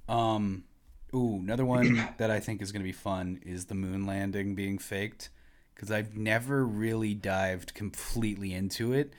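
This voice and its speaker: A man with a fairly low voice chats easily as a podcast co-host. He thinks aloud in a relaxed, conversational way. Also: a little slow. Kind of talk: casual chat.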